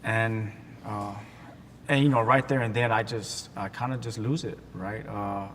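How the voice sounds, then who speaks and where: A man in his forties from Texas, telling his life story as an interview guest in a halting way, with restarts, acting out the voices of people in it. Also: fairly even intonation, fairly bright tone. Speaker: guest sharing his testimony. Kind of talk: emotional personal storytelling in an interview. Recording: long hall reverb with faint rumble.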